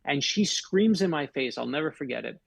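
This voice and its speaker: Middle-aged guy from florida telling stories on a radio show, gravelly and a bit husky, close dry mic. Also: a little high, animated, fairly quick, dry recording. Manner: heartfelt, emphatic, builds stories to a punch. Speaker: author guest. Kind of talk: earnest storytelling in a radio interview.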